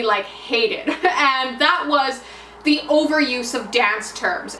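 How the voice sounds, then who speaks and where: Bright, high-voiced chatty young woman. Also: a little hiss or hum. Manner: chatty, lots of filler "like". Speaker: book reviewer. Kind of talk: casual book review vlog. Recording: echoey room heard from a distance.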